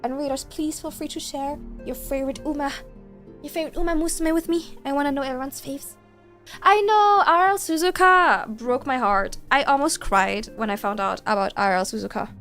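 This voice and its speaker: A woman's voice: high voice, fairly quick, fairly bright tone, faint music behind. A young woman streaming games, chatting casually and gushing to her chat with giggles.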